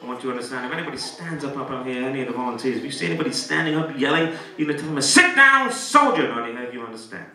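A man working as a stage hypnotist in a live show, giving calm suggestions to volunteers and breaking into loud playful commands. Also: medium pitch. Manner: soothing commands switching to loud playful outbursts. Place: large hall with a live audience. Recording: echoey hall from far off, audience noise. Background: laughing audience.

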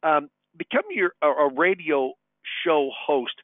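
A man's voice: a little high, unhurried, no room sound. A man from Nebraska, a financial advisor, chatting on a webinar in an upbeat way, repeating words as he goes. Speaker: financial advisor and radio show host. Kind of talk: casual webinar talk. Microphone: phone line. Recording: tinny phone-line audio, dry.

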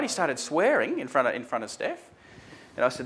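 A man tells an animated on-air story about being pulled over by police, performing the dialogue casually with frequent ums and "mate". His mid-range, fairly bright voice swoops wildly in pitch, and he speaks fast.

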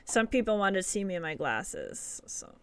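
A woman's voice: mid-range voice, very animated, moderate pace, dry recording. A woman streaming a game live, chatting casually and giggling with her viewers.

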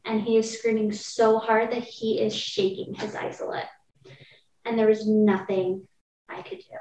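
A woman's voice: a little high, a little hiss or hum. A young woman talking candidly on a podcast, telling a personal story vividly with lots of casual fillers. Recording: roomy, distant, dull-sounding mic.

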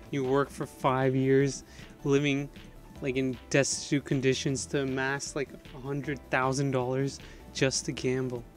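A young man streaming a game, excitable and panicky, laughing often as he chats. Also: medium pitch, measured pace, soft background music. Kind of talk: gaming livestream chat.

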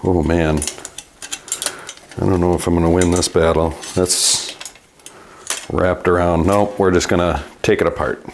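Slow, deep-voiced Midwestern man. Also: a little hiss or hum. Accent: Midwestern American. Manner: talks through each repair step aloud, relaxed and matter-of-fact. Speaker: bike mechanic. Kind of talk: casual workshop narration. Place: bike repair workshop.

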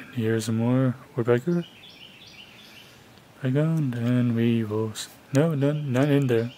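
A man's voice: mid-range voice, takes it slowly, long pauses, warm tone, a little hiss or hum. A young man filming his cat at home, chatting casually and coaxing it in a raised voice, recorded on a handheld camera. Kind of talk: casual home video commentary. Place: family home indoors.

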